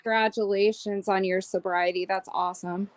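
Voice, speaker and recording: A woman's voice: medium pitch, level tone, moderate pace, dry recording. A woman co-hosting a live stream, bantering over viewers' comments. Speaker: co-host of a live stream channel. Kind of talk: casual chat on a live stream.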